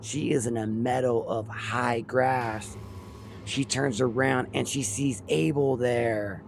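A man slowly retelling the plot of a horror film as a storyteller. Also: medium pitch, steady tone, faint music behind.

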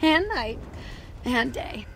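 A woman's voice: sits high, sing-song, slow, vocal fry, fairly bright tone, full character voice. A sassy zombie-fighting woman. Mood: boastful. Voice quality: sassy, trash-talking. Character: brash, wisecracking young woman zombie fighter. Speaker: video game character. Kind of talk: video game voice lines.

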